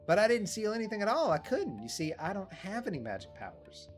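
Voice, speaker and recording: A man's voice: high voice, huge pitch swings, fairly quick, faint music behind, pitched above the performer's own voice. A man voicing a cheeky young female traveling magician in a game, reading her lines in a playful, teasing manner.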